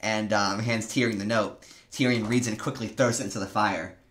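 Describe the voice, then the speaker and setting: A man's voice: on the low side, steady tone, brisk, fairly bright tone, slight background noise. A young man co-hosting a casual chat, rambling and full of "like" and "um". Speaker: co-host.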